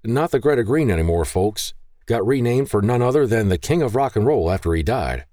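A man's voice: medium pitch, big pitch swings, a little fast, warm tone, no echo, clean studio sound, pitched above the performer's own voice, lightly acted. A man voicing a jovial shuttle driver who announces things to his passengers.

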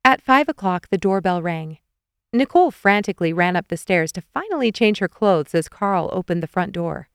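Smooth low-voiced woman narrating a novel. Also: animated, moderate pace, no room sound, studio quality. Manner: reads dialogue with light shifts for each character. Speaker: audiobook narrator. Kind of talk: scripted narration.

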